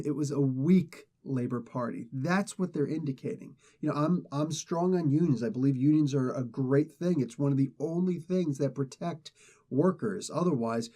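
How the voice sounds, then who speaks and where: Man, comic book reviewer, mellow dark voice, rambling, self-correcting, opinionated. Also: medium pitch. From not British. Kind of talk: casual spoken review.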